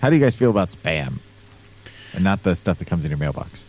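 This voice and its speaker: Man, lowish voice, animated pitch, casual co-host, rambling, crude humor, filler words, remote call mic. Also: brisk. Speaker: podcast co-host. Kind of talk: casual chat.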